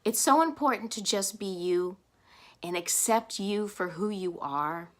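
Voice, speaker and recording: A woman's voice: medium pitch, expressive, measured pace. A woman talking to camera in a personal vlog, earnest and heartfelt, speaking openly about her feelings. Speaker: vlogger.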